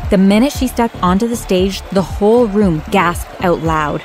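A young woman with a medium-pitched voice tells her own story in the first person at a normal speed, as both narrator and lead character. She acts out her own lines with feeling while music plays in the background.

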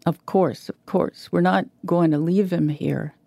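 A gruff, shaken contractor barks blunt orders in a low, gravelly voice, read by a woman. The sound is mellow and dry, close to the mic. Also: fairly even intonation, measured pace, no echo. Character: gruff middle-aged male gravel-pit contractor, shaken.

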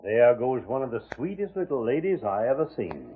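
A bold, talkative old male veteran of the western trails on a 1930s radio show, his drawl husky and rough-edged. It comes through a thin, narrow old broadcast. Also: medium pitch, sing-song, moderate pace. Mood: genial. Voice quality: husky folksy drawl, flowery talk. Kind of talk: 1930s radio drama acting.

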